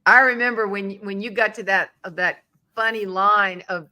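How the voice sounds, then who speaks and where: Bright, animated woman telling stories. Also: mid-range voice, normal speed. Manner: animated storyteller, acting out voices. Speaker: podcast host. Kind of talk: casual interview chat.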